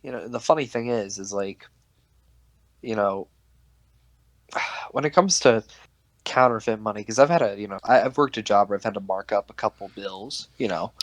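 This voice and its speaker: A man's voice: fairly low pitch, moderate pace, long pauses, no room sound. A young man co-hosting a casual podcast, stammering through restarts and laughing easily. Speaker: podcast co-host. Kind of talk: casual chat.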